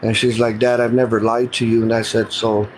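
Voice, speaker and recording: A man's voice: lowish voice, little pitch movement, fairly quick, slight background noise, low-quality recording. A middle-aged man telling a personal story in a casual, earnest, plain-spoken way, often retelling what people said to him. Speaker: guest telling his story.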